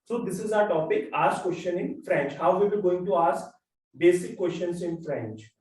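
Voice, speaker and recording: A man teaching a French class, explaining slowly and repeating each example word. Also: sits high, a little mellow. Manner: slow, repetitive explaining with drawn-out example words. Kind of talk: classroom lesson. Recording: echoey classroom, far from mic.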